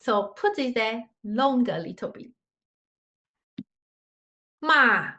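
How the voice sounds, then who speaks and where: A woman's voice: a little high, animated, normal speed, muffled recording. A woman teaching a Mandarin lesson in simple non-native English, patiently demonstrating tones with sung scales. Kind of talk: online language lesson.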